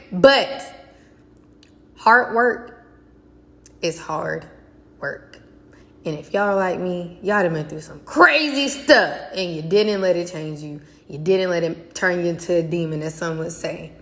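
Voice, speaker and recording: A woman talking casually and excitedly to her viewers in a faith vlog, chatty and direct. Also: on the low side. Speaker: faith vlogger. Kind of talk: casual devotional vlog talk.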